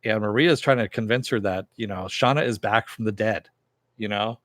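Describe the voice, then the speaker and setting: Low-voiced man giving a rambling recap. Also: normal speed, a bit bright, no echo. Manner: rambling, loose, lots of "uh" and "you know", jokey asides. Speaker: TV episode reviewer and host. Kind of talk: casual recap review.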